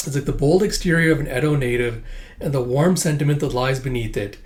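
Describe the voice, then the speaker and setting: A man hosting a manga read-through channel, chatting casually and starting most phrases with "uh". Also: quick pace. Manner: filler-heavy, starts lines with "uh"; voices characters with big pitch jumps when reading dialogue. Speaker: manga reading channel host.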